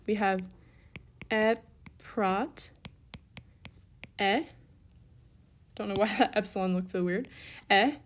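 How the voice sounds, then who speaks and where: A young woman teaches a recorded language lesson in a mid-range voice with a darkish tone. Upbeat and encouraging, she works through examples, casually correcting herself and tossing in asides.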